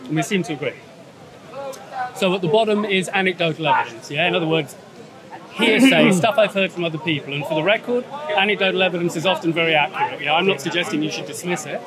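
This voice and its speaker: In a street debate outdoors in a public urban space, a middle-aged agnostic man speaks quickly in a high-pitched voice, explaining step by step and checking agreement with "yeah?" A crew member holds out a handheld mic, and a loud crowd is audible behind him.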